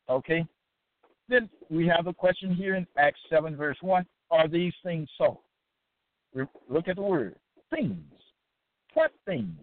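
A man's voice: a little high, a little slow, pauses often. A man delivering a preaching lecture, firing off repetitive rhetorical questions and tagging lines with "okay?". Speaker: religious teacher. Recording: tinny dry phone-line sound.

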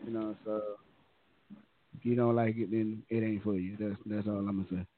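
A man's voice: lowish voice, flat delivery, normal speed, slight background noise. A man hosting a call-in talk show, speaking casually to his listeners. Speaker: host. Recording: phone-line call.

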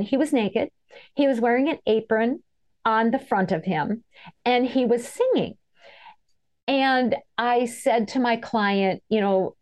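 A middle-aged woman, an author and guest in an interview, telling stories in a chatty, animated way and laughing as she goes. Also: a little high. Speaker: author and energy healer guest. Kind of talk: casual storytelling interview.

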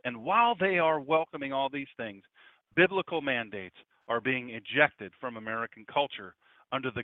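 A man's voice: mid-range voice, no room sound. Impassioned preaching man, phone-like sound. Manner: impassioned, swings from loud to hushed, mocking quoted voices. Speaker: pastor. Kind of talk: fiery sermon broadcast.

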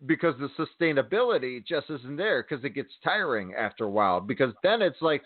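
A man's voice: mid-range voice, very animated, fairly quick, no echo. A man co-hosting a podcast in casual chat, rambling and restarting, with lots of fillers. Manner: rambling, many "you know" fillers. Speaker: podcast co-host. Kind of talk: casual chat about wrestling. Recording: tinny phone-like line, dry.

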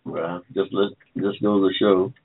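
A man's voice: low-pitched, fairly even intonation, moderate pace, creaky, husky. An older man hosting an online talk show, chatting casually and joking with listeners, rambling and repeating himself. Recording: phone-like line.

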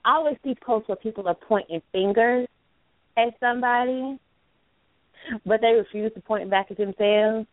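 A woman's voice: on the high side, normal speed, no echo. A woman guest chatting casually, ranting about things that bother her with some self-mocking. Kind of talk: casual chat. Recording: tinny phone line.

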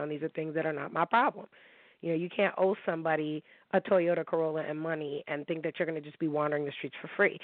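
A woman's voice: low-pitched, no room sound. A woman from upstate New York hosting her own talk show, telling her listeners about her divorce in a candid, heated way and often asking if they understand. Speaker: podcast host. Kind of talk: emotional personal monologue to listeners. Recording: thin phone-like dry recording.

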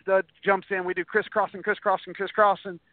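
With a high, level voice and slightly fast delivery, this wrestler tells rambling stories as a casual interview guest. He keeps restarting sentences and acts out what others said. The recording is tinny, phone-like and dry.

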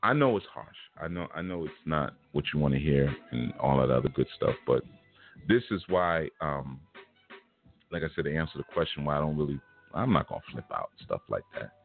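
Telling a personal story in blunt street slang, a man gives a casual spiritual lesson in an animated, gravelly bass voice. He talks a little fast, and the recording is tinny, like a phone, with faint music behind him.

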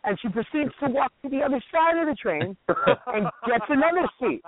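A radio co-host with a very high-pitched voice at normal speed tells stories animatedly in a casual chat, swearing and acting out other people's quotes. The audio has a tinny, phone-like radio quality.

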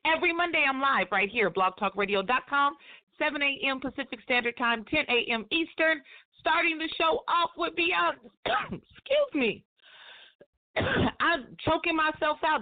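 Upbeat woman host on a tinny line. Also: high voice. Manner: upbeat, chatty, slangy. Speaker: radio show host. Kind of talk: casual live radio talk.

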